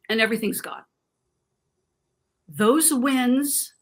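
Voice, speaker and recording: A middle-aged woman from Southern California speaks on a TV panel in a voice of ordinary pitch for a woman. Her storytelling is emotional and animated, and she acts out the people she quotes. She is recorded on a studio lapel mic. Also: brisk. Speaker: panelist on a TV talk show. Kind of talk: personal account on a TV panel.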